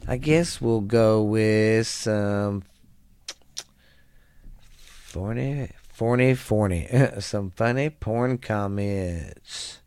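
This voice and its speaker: A man's voice: fairly low pitch, drawn-out words, a little mellow, clean tone. A tired man hosting his own podcast in loose, rambling, crude casual chat, coughing and trailing off. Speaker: podcast host.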